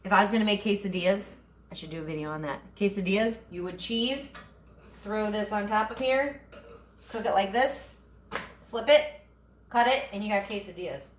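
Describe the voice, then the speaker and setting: A woman's voice: mid-range voice, normal speed. A woman hosting a casual home cooking demonstration, chatty and enthusiastic, asking herself questions and then answering them. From Italian family background. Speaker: cooking show host. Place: home kitchen. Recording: echoey kitchen with faint noise.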